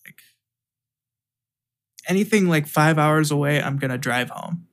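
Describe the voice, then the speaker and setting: A man's voice: fairly high pitch, a little slow, a bit bright. A man co-hosting a casual podcast, chatting about gigs with hesitant, dry asides.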